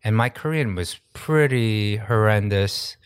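A man's voice: fairly low pitch, measured pace, smooth, dry recording, clean studio sound. A man co-hosting a podcast in casual chat, easygoing and laughing often as he tells stories. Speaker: podcast co-host.

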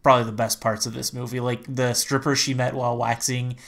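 A man's voice: medium pitch, flat delivery, a little fast, gravelly, a bit bright. A man co-hosting a podcast, chatting casually about a movie and laughing often. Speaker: podcast co-host.

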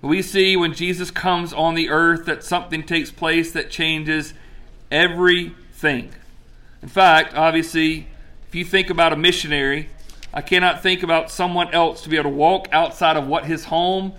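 A male preacher delivering a lively, conversational sermon, telling a story with casual asides to his congregation. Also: a little high, moderate pace.

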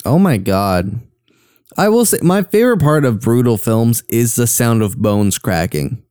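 A man's voice: medium pitch, sing-song, darkish tone, clear, resonant tone, no room sound, studio quality. A young man from the southern US chatting casually and joking while watching a film. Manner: joking, quick reactions. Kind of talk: casual movie watch-along chat.

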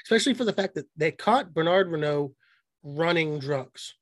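A man co-hosting a podcast in casual chat, excited and profane, mocking what he talks about. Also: fairly high pitch, no echo. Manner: excited, profane, mocking, quick bursts of mimicry. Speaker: podcast co-host.

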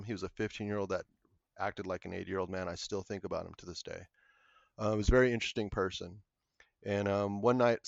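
Gravelly low-voiced man telling a story. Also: no echo. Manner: earnest, halting storyteller. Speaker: podcast guest. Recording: muffled lo-fi audio.

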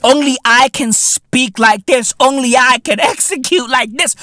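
A man's voice: very high-pitched, lively intonation, normal speed, bright, forceful tone, no room sound. A man hosting a podcast in a comedic rant, profane and boastful, full of slang and laughing at his own jokes. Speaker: podcast host.

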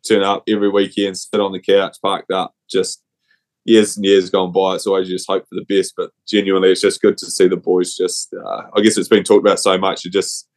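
Kiwi bloke with a cold, young, low monotone, rambling laid-back podcast guest chat. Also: male voice, brisk. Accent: New Zealand. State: has a cold. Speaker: rugby player guest. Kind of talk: casual chat.

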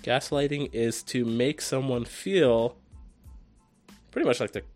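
A man's voice: medium pitch, a little slow, darkish tone, soft background music. A man co-hosting a podcast in casual chat, joking and laughing as he recounts posts. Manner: laughing, joking, reads posts aloud in funny voices. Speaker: podcast co-host.

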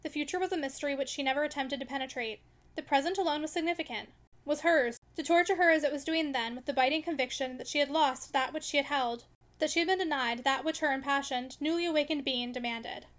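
A woman's voice: high voice, quick pace. A woman narrating a classic novel as an audiobook reader, reading expressively.

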